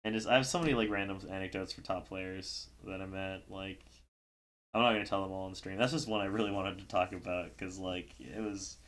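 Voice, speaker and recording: A man's voice: sits low, steady tone, a little fast, fairly bright tone. A man casually telling a story on a livestream, rambling with lots of fillers and breaking into laughter. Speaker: stream host recapping a tournament.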